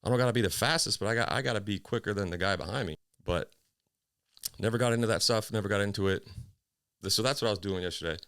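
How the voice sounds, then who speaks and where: A man's voice: on the low side, quick pace, a bit bright, clear, resonant tone, no room sound, studio quality. A man, hosting a casual solo podcast from a small home office. He rambles, jokes at his own expense, swears freely and sounds a little out of breath. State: slightly out of breath. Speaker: podcast host.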